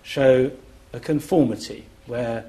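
A man lectures on a festival panel with an unhurried, deliberate delivery. He speaks at a middle pitch and stops to chant rhythms aloud as examples. His manner is that of a scholar laying an idea out carefully. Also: warm tone. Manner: measured and deliberate. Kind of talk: explanatory public talk.

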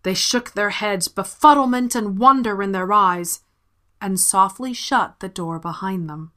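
A woman narrating a fantasy story in a measured, soft-spoken reading. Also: mid-range voice.

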